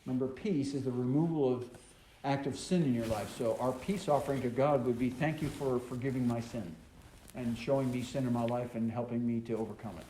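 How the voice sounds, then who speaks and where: A man leads a scripture study, reading each verse aloud before stopping to explain it, often pausing with an um or uh. His voice is mellow and warm. The recording carries a roomy echo with a faint hiss underneath. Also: mid-range voice. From American South. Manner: reads scripture aloud then explains it, with many ums and uhs. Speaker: Bible teacher. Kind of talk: Torah study teaching. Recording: echoey room with faint noise.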